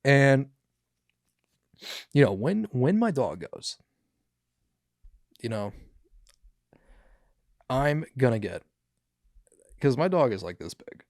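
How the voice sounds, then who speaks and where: A man's voice: mid-range voice, big pitch swings, slow pace, long pauses, a little mellow, no echo, studio quality. A young man hosting a podcast, chatting casually about news clips, rambling and swearing with many fillers. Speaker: podcast host.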